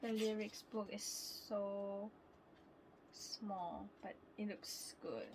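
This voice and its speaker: Young woman, casual unboxing vlog, excitable, slow-talking, noisy background. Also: medium pitch. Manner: excitable, squeals and laughs when delighted. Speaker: vlogger.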